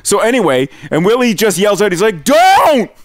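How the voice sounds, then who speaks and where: A man's voice: high voice, a little fast, no room sound. A man telling a funny story in a casual chat. He talks with big energy and swears freely. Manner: animated, swears freely, acts out other people's voices. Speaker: podcast co-host telling a story.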